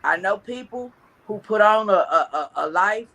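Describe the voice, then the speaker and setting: A man co-hosting a casual commentary chat, talking reflectively and haltingly with many pauses. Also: sits high, animated, gravelly, sharp tone. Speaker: co-host.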